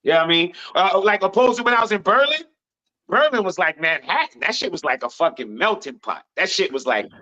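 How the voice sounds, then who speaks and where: An American man on a podcast panel, telling stories in a loud, animated voice and swearing a lot. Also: high voice, brisk. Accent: American English. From United States. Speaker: panel guest. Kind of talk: casual storytelling on a podcast panel. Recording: dull lo-fi remote audio.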